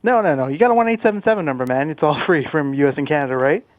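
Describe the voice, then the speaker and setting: A man calling in to a talk show, friendly and quick, heard over a phone line. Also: on the high side, no echo. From Montreal. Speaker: caller. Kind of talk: phone call-in.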